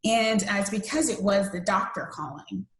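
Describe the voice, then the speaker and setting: A woman's voice: medium pitch, moderate pace. A woman in her thirties from the United States, earnestly telling a personal story as a podcast interview guest, with many fillers and restarts. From USA. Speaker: interview guest, cancer survivor. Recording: roomy echo.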